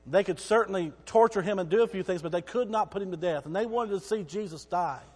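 A man preaching a sermon, retelling the story with drama and shouting out the crowd's cries. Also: sits high, quick pace, husky, big-room sound.

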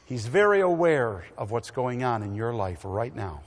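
A middle-aged man preaching a sermon in a church, swinging from loud exhortation to quiet storytelling. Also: mid-range voice, very animated, moderate pace, few pauses, in a large hall.

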